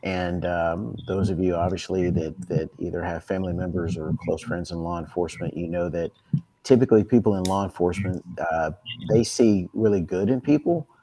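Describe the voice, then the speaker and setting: A man's voice: sits low, normal speed, warm tone, rough recording. A man on the panel speaking earnestly about his father. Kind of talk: casual panel chat.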